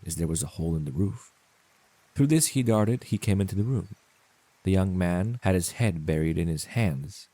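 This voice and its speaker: Deep husky male storyteller. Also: mellow, no room sound. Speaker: narrator. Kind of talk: audiobook narration.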